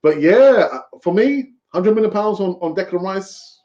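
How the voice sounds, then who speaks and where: A man's voice: high voice, lively intonation, normal speed, few pauses, a little mellow. A man hosting a fan live stream, talking in a rambling, chatty way with fillers and laughs, over lo-fi stream audio. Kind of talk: casual live-stream chat.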